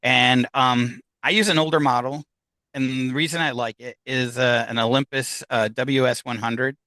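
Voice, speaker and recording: A man's voice: mid-range voice, fairly even intonation, normal speed, bright, forceful tone, no room sound. A man who investigates the paranormal, chatting casually in an interview, rambling with many restarts and fillers. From United States.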